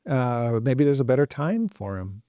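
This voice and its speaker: A man hosting a scripture lesson as casual commentary, humorous and animated, often slipping into joking voices. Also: medium pitch, normal speed, no echo, clean studio sound. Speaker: scripture teacher and podcast host.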